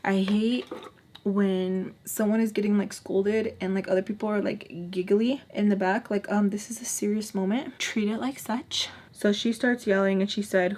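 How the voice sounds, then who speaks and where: A woman telling a casual storytime while doing her makeup, chatty and exasperated, often dropping into hushed asides. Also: mid-range voice, fairly even intonation, moderate pace, a little hiss or hum. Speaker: storytime vlogger.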